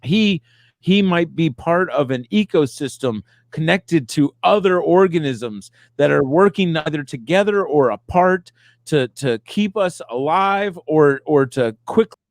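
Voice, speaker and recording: A man's voice: a little high, animated, a little slow, no echo, clean studio sound. A man co-hosting a comedy podcast in casual chat, wandering through long rambling hypotheticals. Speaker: podcast co-host.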